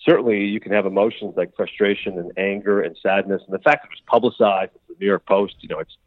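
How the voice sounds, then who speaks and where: Fast-talking man on a tinny phone line. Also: on the low side, fairly even intonation, dry recording. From Canada. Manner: talks fast, acts out quoted dialogue. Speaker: guest, sports broadcaster. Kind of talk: casual interview chat.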